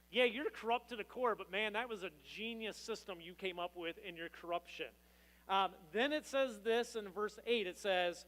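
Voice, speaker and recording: A male pastor preaching a sermon in a high, bright voice, relaxed and conversational. He tells a story with quick asides. The sound carries a long reverb from a church hall. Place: church sanctuary.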